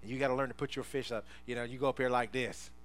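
A man preaching a sermon, leading the congregation in call-and-response with constant "somebody say" prompts, playful and quick to laugh, moving between shouting and low, intense passages. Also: steady tone. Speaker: pastor.

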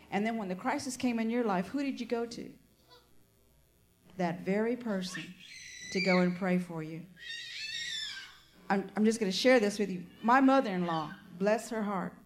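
An older woman preaches, her voice sitting a little high for a woman. She speaks fervently, tosses in amens and hallelujahs, and drifts into personal stories. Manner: personal storytelling with asides. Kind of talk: sermon.

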